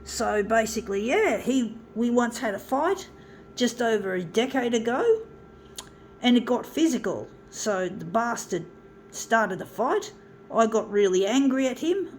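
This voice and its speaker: A woman talking to camera in a casual monologue, blunt and swearing freely, with halting restarts. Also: fairly high pitch, expressive, slight background noise. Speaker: vlogger.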